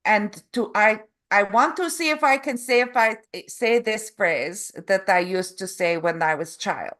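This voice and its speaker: Slow, halting woman searching for words. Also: mid-range voice, fairly bright tone. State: has aphasia. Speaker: interviewer. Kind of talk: casual conversation.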